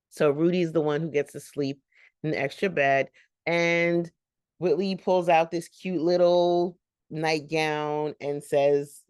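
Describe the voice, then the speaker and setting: Low-voiced woman rambling through a recap. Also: darkish tone, dry recording, studio quality. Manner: chatty, laughing asides. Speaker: host of a reaction channel.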